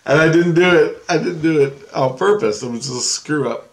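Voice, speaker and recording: A man's voice: a little high, moderate pace, creaky. A man telling a rambling story to camera in a casual way, laughing often and losing his thread. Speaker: vlogger.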